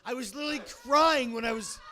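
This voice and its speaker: Talking fast into a handheld mic, a male comedian with a high, bright voice works the comedy club audience. The stand-up set is rambling and crude, heavy on fillers and crowd-baiting.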